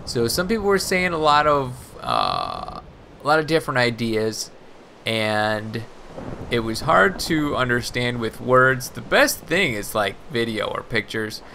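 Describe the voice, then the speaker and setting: Male let's-play host: bright, animated, rambling and self-deprecating, faint background hiss. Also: mid-range voice, unhurried, gravelly. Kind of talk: casual gameplay commentary.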